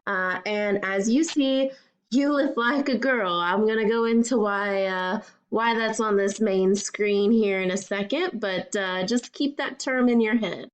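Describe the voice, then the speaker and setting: A woman's voice: medium pitch, a little slow, poor audio. A woman student giving a recorded class presentation, telling a story casually with filler words.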